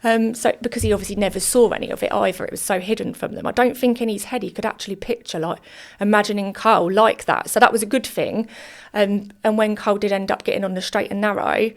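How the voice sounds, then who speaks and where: A woman's voice: mid-range voice, steady tone, quick pace. A woman, a podcast guest telling her story candidly in long run-on sentences full of fillers.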